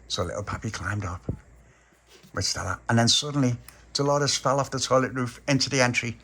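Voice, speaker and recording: A man's voice: mid-range voice, brisk, a bit bright. A man telling a playful improvised story, slipping into character voices and ghostly wails. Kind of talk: improvised bedtime-style storytelling.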